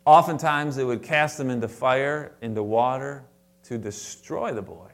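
Male pastor, mid-pitched, conversational sermon with emphatic bursts and asides. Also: unhurried. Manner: conversational preaching with frequent restarts and asides; animated, stressing words with sudden louder higher bursts. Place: church sanctuary before a congregation.

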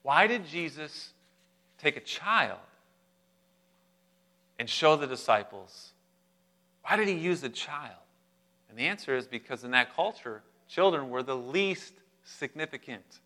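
Young guy pastor giving a sermon, lively and joking, bright forceful voice, kinda high. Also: unhurried, long pauses. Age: young adult. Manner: animated, humorous, talks directly to the congregation.

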